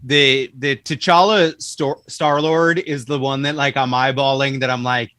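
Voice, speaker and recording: A man's voice: mid-range voice, fairly even intonation, a little slow, bright, forceful tone, clear, resonant tone, no room sound, clean studio sound. A man hosting a casual chat, talking loosely and filling his sentences with "like". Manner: chatty, fills with "like".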